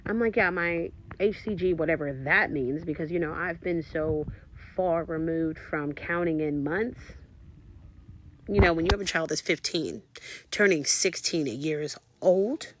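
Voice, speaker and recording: A woman in her thirties telling a casual storytime vlog, animated and slangy, acting out both sides of each conversation. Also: fairly low pitch, moderate pace, slight background noise. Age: 30s. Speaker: vlogger.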